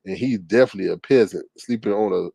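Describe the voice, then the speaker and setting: A man hosting a casual livestream and reading chat comments, speaking with an animated, gossipy manner full of exclamations. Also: on the low side, quick pace, creaky, husky, no echo.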